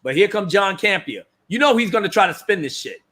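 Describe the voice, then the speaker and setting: A man hosting a livestream, ranting loudly in slangy casual commentary, often laughing and restarting his words. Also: high voice, expressive, brisk. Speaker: livestream host.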